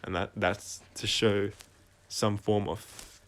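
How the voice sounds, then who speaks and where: A man talking through his own songs on a casual livestream, reflective and halting, often restarting his sentences and trailing off quietly. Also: fairly low pitch, flat delivery. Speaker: singer-songwriter explaining his songs.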